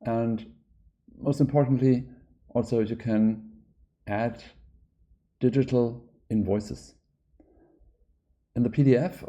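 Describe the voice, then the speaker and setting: German-accented male developer, slow deliberate pace, low voice, halting tutorial delivery. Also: creaky, dark tone. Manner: hesitant, many filler sounds. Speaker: app developer giving a tutorial. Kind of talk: screen-recorded software walkthrough.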